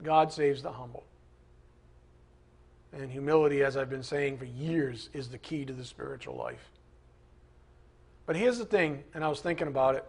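A man with a high, husky voice preaches a sermon. He talks in a loose, conversational way, with asides and quick questions to his listeners. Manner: conversational, animated preaching with asides and acted quotes. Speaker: pastor.

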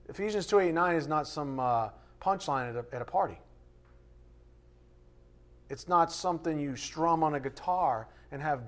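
A male pastor preaching a sermon in a blunt, conversational way, with sarcastic asides. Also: on the high side.

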